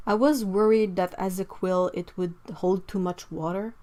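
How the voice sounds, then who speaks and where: A woman's voice: mid-range voice, fairly even intonation, normal speed, dark tone. Chatty woman painting on a livestream. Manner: chatty, reads viewer comments aloud, laughs often. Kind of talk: casual chat while painting.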